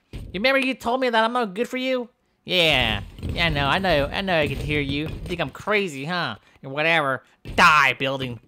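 A man voicing Bob, a boastful, goofy male strongman who smashes buildings in a video game, with shouty brags and childish jokes. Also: medium pitch. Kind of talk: comedic game character voiceover.

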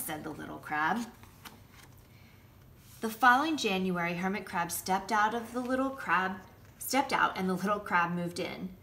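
A nursery school teacher, a woman, reading a picture book aloud to children with lively asides. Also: mid-range voice, unhurried, vocal fry. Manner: warm, lively storytelling with asides showing pictures.

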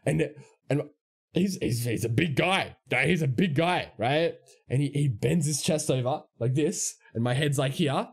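Animated young man with a high, gravelly voice. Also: unhurried. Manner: animated, swearing, lots of fillers like "right?" and "man". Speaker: streamer. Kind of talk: casual storytime on a stream.

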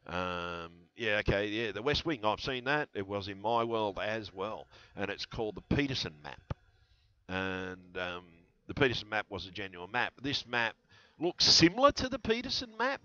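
A man's voice: fairly low pitch, very animated, moderate pace, pushed and bright, highs cut off. A man rambling through a vlog monologue, answering viewer comments in a conspiratorial way with lots of fillers and restarts, on a headset mic. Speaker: channel host.

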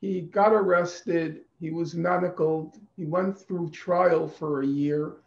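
A man giving a deliberate, emphatic conference talk over a video call, repeating phrases for stress. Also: a little high, steady tone, gravelly. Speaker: conference speaker. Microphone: computer mic on a video call. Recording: echoey, dull video-call audio.

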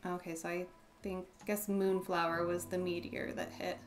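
A woman giving casual let's play commentary in quiet, muttered asides. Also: lowish voice, flat delivery, moderate pace.

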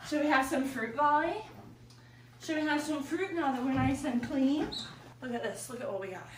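High sing-song woman coaxing a pet. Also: a little fast, slight background noise. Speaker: animal keeper vlogger. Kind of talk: playful baby talk to a chimp. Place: bathtub, indoors. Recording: echoey room, distant mic.

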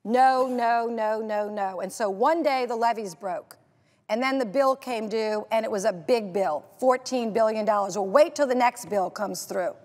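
A woman's voice: a little high, moderate pace, darkish tone, in a large hall. A woman from Louisiana who serves as a senator, giving an impassioned, emphatic political speech.

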